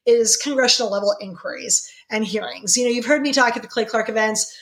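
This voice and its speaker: A middle-aged woman speaks as an interview guest in a somewhat high voice. She sounds fervent and indignant, and her pitch leaps upward whenever she drives a point home. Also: fairly quick, a bit bright. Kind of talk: impassioned interview answers.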